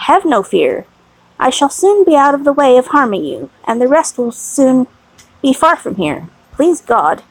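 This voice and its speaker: A woman's voice: high-pitched, very animated, measured pace, husky, no room sound, full character voice, poor audio. A woman reading the lines of a resolute grown man in a prison cell, urgent and commanding in manner.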